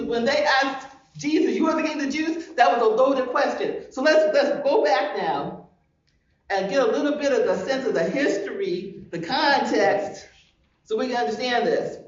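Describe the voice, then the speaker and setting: A woman's voice: sits high, lo-fi sound. A woman pastor preaching a sermon, emphatic and full of rhetorical questions, recorded from a distance in a large church hall.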